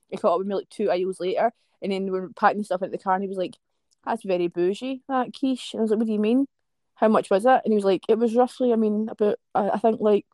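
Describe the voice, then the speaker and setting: Fast-talking West Coast Scottish woman. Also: mid-range voice, dry recording, studio quality. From Scotland. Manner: sweary, animated storytelling. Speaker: podcast co-host. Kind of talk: casual chat.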